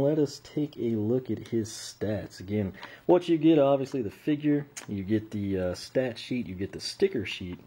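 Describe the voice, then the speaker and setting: A man with an American accent, reviewing a toy in casual unboxing commentary, relaxed and rambling, and losing his voice. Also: medium pitch, breathy edge. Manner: relaxed and rambling, with frequent uh fillers.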